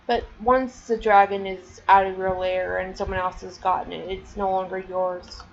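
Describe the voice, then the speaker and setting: A woman's voice: medium pitch, flat delivery, normal speed, gravelly, highs cut off, a little hiss or hum. A woman casually chatting on a vlog, showing off her collection and rambling with lots of "um" and "like.". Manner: chatty, rambling, many fillers. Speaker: vlogger. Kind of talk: casual show-and-tell.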